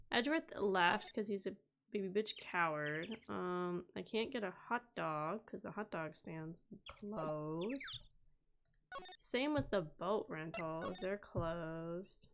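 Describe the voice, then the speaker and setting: A woman's voice: mid-range voice, lively intonation, slow, fairly bright tone, a little hiss or hum. A young adult woman streaming a game, joking crudely and offhand in casual let's-play commentary.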